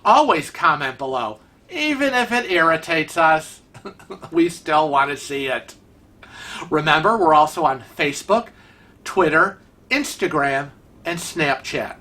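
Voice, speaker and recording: A man's voice: fairly high pitch, expressive, a little slow, sharp tone. A man from Rochester, New York, with a Rochester accent, hosting a vlog in a chatty, digressive, teasing way. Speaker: vlog host. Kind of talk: casual vlog commentary.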